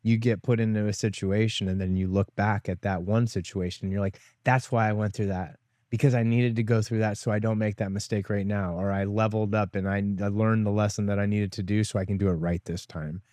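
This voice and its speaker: A man's voice: on the low side, level tone, brisk, darkish tone, no echo, clean studio sound. A man co-founder in casual conversation, talking in a rambling way with many "like" fillers. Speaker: wellness company co-founder.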